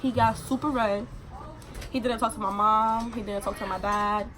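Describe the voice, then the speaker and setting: A woman's voice: medium pitch, steady tone, normal speed, fairly bright tone, faint music behind. A young adult woman vlogger telling a personal story in a casual, rambling way, full of fillers.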